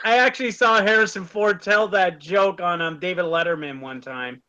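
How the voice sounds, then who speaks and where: A man with a high, bright voice hosts a casual stream chat, telling jokes with an animated, bouncing delivery and laughing often. The sound is somewhat dull and lo-fi. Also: normal speed, a little hiss or hum. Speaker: live stream host.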